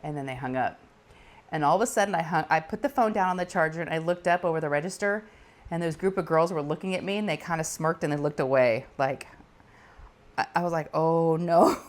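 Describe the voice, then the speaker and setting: A woman's voice: deep voice, brisk. A woman in her forties, telling stories in a casual chat and acting out the voices of callers. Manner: animated, acts out callers' voices, laughs often. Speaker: crafting channel host.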